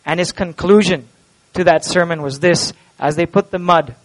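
Male pastor, high voice, impassioned sermon, loud then hushed. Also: moderate pace, rough recording. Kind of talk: Easter sermon with closing prayer. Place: church sanctuary.

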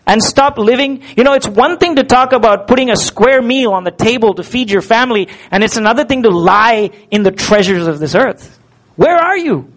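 A male pastor delivering a sermon, animated and full of rhetorical questions. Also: very high voice, low-quality recording.

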